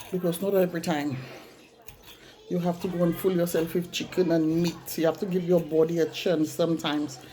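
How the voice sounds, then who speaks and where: A woman's voice: mid-range voice, dark tone. A woman with a Saint Lucian accent ranting bluntly in a casual vlog, repeating herself for emphasis. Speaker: vlogger.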